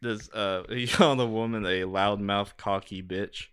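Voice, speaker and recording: A man's voice: on the low side, steady tone, normal speed, a bit bright, clean tone. A young man co-hosting a podcast, telling stories in a rambling, laughing way in casual chat. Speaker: podcast co-host.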